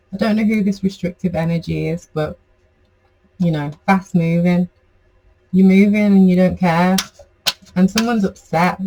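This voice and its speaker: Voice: mid-range voice, darkish tone, poor audio. A tarot reader giving a casual, chatty reading to camera, rambling with many fillers.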